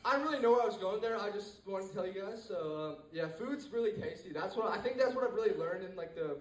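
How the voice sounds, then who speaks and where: A teenage stand-up comedian with a high-pitched voice and lively intonation talks fast through a rambling set full of fillers and restarts. He performs to a live room, recorded in an echoey space with the mic far away.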